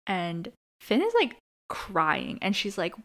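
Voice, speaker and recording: A woman's voice: medium pitch, huge pitch swings, takes it slowly, few pauses, fairly bright tone. Chatty woman recapping a TV episode. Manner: chatty, fillers, acts out characters' lines. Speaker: podcast co-host. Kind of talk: casual TV recap chat.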